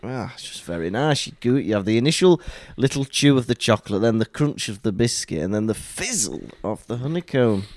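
A man co-hosting a podcast in casual chat, playful and quick to laugh. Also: medium pitch, lively intonation, a little mellow, dry recording. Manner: chatty, laughs often, playful banter. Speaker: podcast co-host.

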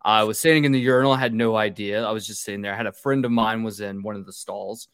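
A man's voice: fairly low pitch, fast talker, smooth, no echo, clean studio sound. A man hosting an interview podcast, telling stories in a loose, chatty way with easy swearing and laughter. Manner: animated storyteller, swears and laughs freely. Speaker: podcast host. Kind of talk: casual interview chat.

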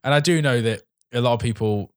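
A man in casual film chat, halting and restarting, then riffing enthusiastically. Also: medium pitch, clean tone, dry recording, clean studio sound.

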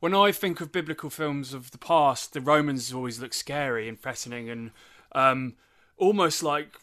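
A man's voice: medium pitch, normal speed, pushed and bright. A man in casual film chat, making dry, wry remarks and steering the discussion. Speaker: podcast co-host.

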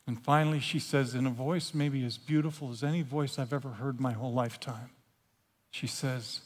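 A man preaching a sermon as a dramatic story, swinging from hushed confession to loud outbursts. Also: medium pitch, steady tone, moderate pace.

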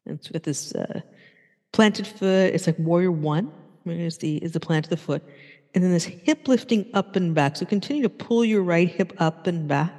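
A yoga instructor leading a live class, giving calm, steady instructions paced to the breath. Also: medium pitch. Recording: long reverb in a large room.

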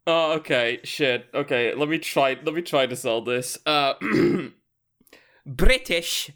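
A woman's voice: rumbling low, a little slow, fairly bright tone. A woman from the Netherlands, a guest on a comedy podcast, chatting casually with lots of laughter and self-deprecating jokes.

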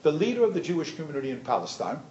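An older man, a history professor, lecturing teachers in a lively storytelling way and acting out the quoted voices. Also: fairly high pitch, very fast, roomy sound, muffled recording, slight background noise.

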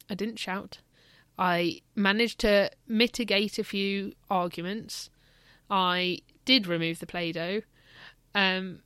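Candid mother with a gravelly voice. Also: fairly low pitch, fairly bright tone, no echo. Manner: candid, reflective storytelling. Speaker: parent. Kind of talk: personal parenting vlog.

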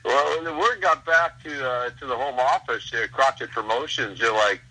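A man's voice: medium pitch, moderate pace, bright, forceful tone, husky, rough recording. A man in his sixties, a former wrestler interviewed as a guest, telling stories in a rambling way with many fillers and restarts. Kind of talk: casual storytelling interview.

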